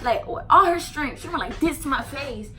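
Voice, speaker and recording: A woman vlogger telling a casual storytime, animated and emphatic, swearing freely with lots of "like" fillers. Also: sits high, normal speed.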